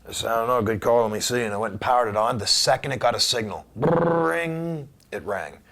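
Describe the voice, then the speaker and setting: A man being interviewed, telling a story in a casual, animated way and acting out the voices of the people in it. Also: lowish voice, quick pace, gravelly. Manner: animated anecdote teller who acts out quoted voices. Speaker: guest wrestler.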